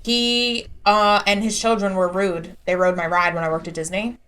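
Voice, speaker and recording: A young woman trading opinions on a podcast in an easy, conversational way. Her talk is loose and casual, full of "like" and little restarts, with a middle-pitched voice. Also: fairly even intonation, moderate pace, fairly bright tone, clear, resonant tone. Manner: chatty, peppers speech with "like". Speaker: podcast co-host. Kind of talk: casual chat.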